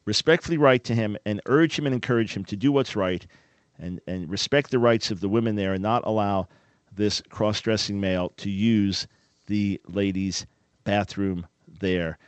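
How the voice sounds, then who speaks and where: A man's voice: lowish voice, normal speed, clear, resonant tone, no echo. A man hosting a call-in radio show, explaining things in an earnest, emphatic way.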